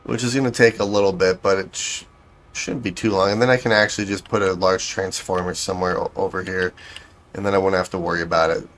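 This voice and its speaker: A man's voice: low-pitched, fairly even intonation, fast, a bit bright, a little hiss or hum. A man giving casual gameplay commentary, thinking aloud as he builds, with a dry, self-correcting, sarcastic manner. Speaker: game streamer.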